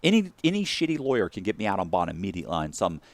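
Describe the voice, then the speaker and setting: A man telling a story as a podcast guest, animated and profane, acting out the people he quotes. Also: deep voice, rapid-fire, no echo.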